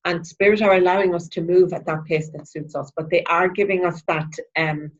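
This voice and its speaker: A woman's voice: fairly low pitch, steady tone, fairly quick. A woman, a spiritual mentor, talking through a weekly card reading in a chatty, rambling way with many restarts. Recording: dull lo-fi sound.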